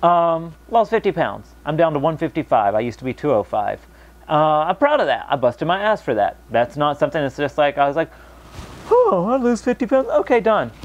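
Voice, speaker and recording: Animated man ranting to camera, lo-fi. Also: a little high, brisk, a little hiss or hum. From United States. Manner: animated, mocking voices in quotes. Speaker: vlogger. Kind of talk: casual rant to camera.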